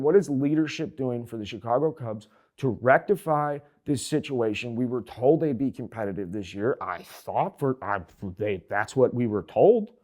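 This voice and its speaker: A man's voice: mid-range voice, lively intonation, moderate pace, few pauses, darkish tone. Heated, cursing male sports host. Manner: profane, heated ranting. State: out of breath. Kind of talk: ranting sports talk.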